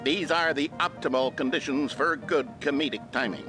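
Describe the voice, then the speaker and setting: A man plays a bright, mock-authoritative narrator from a retro instructional video. He talks briskly and cheerfully in a slightly raised pitch. Clear music plays under him. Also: natural voice. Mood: upbeat. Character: upbeat male instructional-film narrator.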